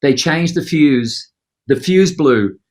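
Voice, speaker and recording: A man telling a story in an interview, lively and animated, acting out the other people's lines as he goes. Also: a little high, takes it slowly. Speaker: musician guest.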